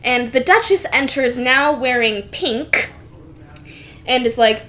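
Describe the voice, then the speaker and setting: Young woman GM, high voice, unhurried, casual storytelling. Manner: relaxed, filler-heavy storytelling. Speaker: game master. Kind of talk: narrating a tabletop game.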